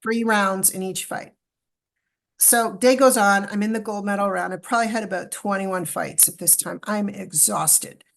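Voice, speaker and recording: A middle-aged Canadian woman tells her story as a podcast guest, with a gravelly, fry-tinged voice at an ordinary pitch. She gets animated and emotional and acts out what people said. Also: normal speed. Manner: animated, acts out quoted dialogue, emotional retelling. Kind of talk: storytelling in a casual interview.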